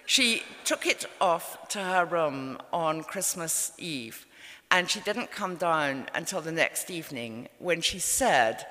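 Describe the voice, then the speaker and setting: English woman author, wry storyteller, animated and bright, echoing live venue. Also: low voice, measured pace. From England. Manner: wry and understated. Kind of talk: storytelling talk to a live audience. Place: event hall.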